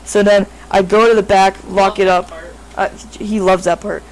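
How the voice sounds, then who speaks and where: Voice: medium pitch, little pitch movement, normal speed, a little hiss or hum, rough recording. A speaker telling a made-up story in a casual, improvised way, rambling with lots of fillers and frequent self-corrections.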